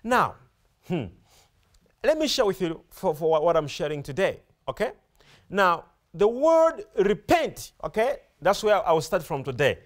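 Animated male preacher, lively high voice. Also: measured pace. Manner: emphatic, repeats words and phrases, animated rise and fall. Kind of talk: sermon.

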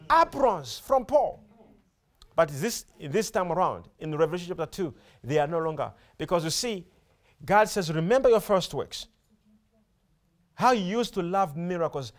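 A male preacher delivering a sermon, emphatic and repetitive, often stopping to ask his congregation questions. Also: high-pitched. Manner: emphatic, repeats words and phrases, animated rise and fall.

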